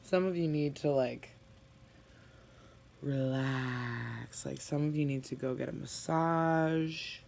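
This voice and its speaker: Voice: mid-range voice, slow, gravelly, darkish tone. A tarot reader giving a spoken reading to viewers, blunt and emphatic, often sighing and sympathetic.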